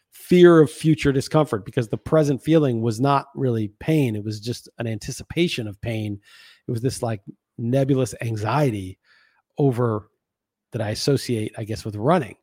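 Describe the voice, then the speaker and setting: A man hosts his own podcast, thinking out loud in a frank, wandering monologue and swearing casually as he goes. His voice sits at an ordinary middle pitch. The recording is dry and close, with no room sound around him. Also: no echo. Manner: frank, musing, casually profane. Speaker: podcast host. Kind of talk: reflective solo monologue.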